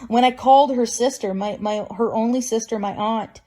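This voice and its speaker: Woman vlogger, fairly high voice, bitter and emphatic, wry laughter; personal monologue. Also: moderate pace, warm tone. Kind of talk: emotional personal vlog monologue.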